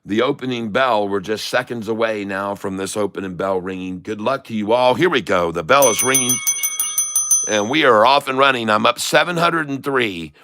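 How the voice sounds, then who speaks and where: A man's voice: fairly low pitch, normal speed, pushed and bright. Upbeat man hosting a trading stream. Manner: upbeat, reads out viewer comments, hypes the audience. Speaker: day-trading livestream host. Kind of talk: live-stream chat with viewers.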